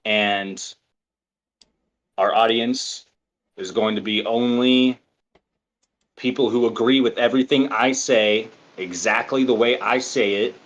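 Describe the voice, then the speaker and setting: Man doing a pompous podcast host, mock-grand announcing, smug, mid-pitched voice. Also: steady tone, takes it slowly, long pauses, fairly bright tone, poor audio. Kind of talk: joking put-on show-host voice.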